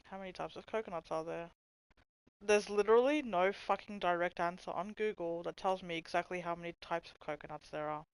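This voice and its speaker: A woman's voice: lowish voice, brisk, smooth, dry recording. A woman livestreaming, thinking aloud while searching, laughing a lot and swearing freely. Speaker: livestreamer reading chat. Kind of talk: casual livestream chat.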